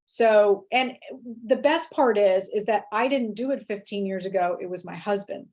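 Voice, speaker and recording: A woman in her forties telling a candid personal story in an interview, animated and frank, now and then acting out the voices she quotes. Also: medium pitch, moderate pace. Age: 40s. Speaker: feng shui teacher, interviewee.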